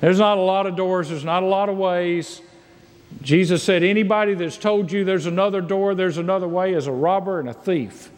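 Emphatic preaching pastor in a reverberant hall. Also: male voice, high voice, moderate pace. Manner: emphatic preaching, reading and paraphrasing scripture. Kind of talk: sermon.

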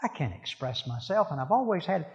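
Preacher doing a hesitant stammering prophet, soft and halting, long reverb. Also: male voice, on the high side, big pitch swings, vocal fry, muffled recording. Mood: pleading. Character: timid stammering male prophet pleading.

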